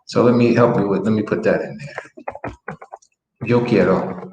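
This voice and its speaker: A man teaching a Spanish lesson in a relaxed way, repeating example phrases slowly as he writes them out. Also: lowish voice, highs cut off. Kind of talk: online language lesson. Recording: echoey room with faint noise.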